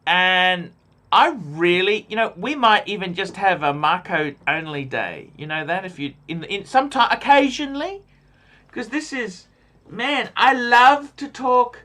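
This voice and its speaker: A man from Australia hosting a casual watch-talk livestream, excitable and rambling. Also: high-pitched, unhurried. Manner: excitable, rambling, reads out donations. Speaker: livestream host.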